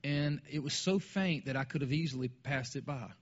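A man's voice: a little high, moderate pace, highs cut off. A man talking casually about faith in a conversational way, often restarting his sentences.

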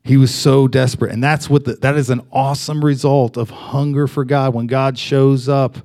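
A man's voice: mid-range voice, level tone, normal speed, mellow. Casual-talking young man preaching. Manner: conversational, with many fillers and restarts. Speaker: pastor. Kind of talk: sermon.

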